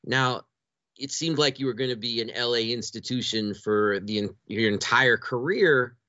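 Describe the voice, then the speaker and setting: A man interviewing a guest, asking long, measured questions. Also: mid-range voice, bright, forceful tone, dry recording, lo-fi sound. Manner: measured, building up questions at length.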